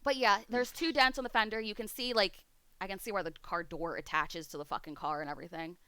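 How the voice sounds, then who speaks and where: A woman's voice: medium pitch, steady tone, quick pace, pushed and bright, clean tone, no echo. A woman streamer chatting casually, swearing freely as she rants. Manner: profane, ranting. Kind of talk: casual chat. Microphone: streaming mic.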